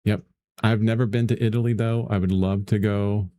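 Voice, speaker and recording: A middle-aged man teaching painting in a casual live lesson, rambling, chatty and quick to laugh while he chats with viewers. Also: on the low side, fairly even intonation, dark tone, no room sound. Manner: rambling and chatty, laughs often, lots of fillers. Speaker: painting instructor.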